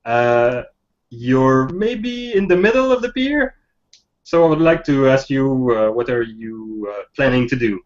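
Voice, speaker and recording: A man narrating a tabletop game as game master, with halting, restart-filled speech. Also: mid-range voice, lively intonation. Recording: dull lo-fi sound.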